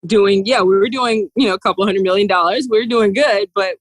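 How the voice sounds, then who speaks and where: A woman, a business CEO, telling animated stories as a podcast guest, laughing often and acting out what others said. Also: medium pitch, brisk, no room sound, low-quality recording. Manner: lively, laughs often, acts out quotes. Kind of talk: animated storytelling interview.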